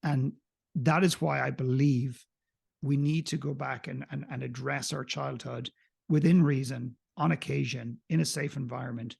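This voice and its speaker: A man, a podcast guest, telling a candid personal story in an animated, self-mocking way with some profanity. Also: mid-range voice, normal speed, gravelly, breathy edge.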